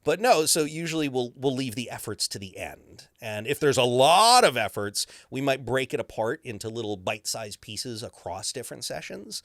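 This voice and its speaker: Animated voice actor, lively and bright. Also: male voice, mid-range voice, moderate pace, hardly any pauses, dry recording. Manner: animated storyteller who slips into character voices. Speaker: voice actor guest. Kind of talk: podcast interview storytelling.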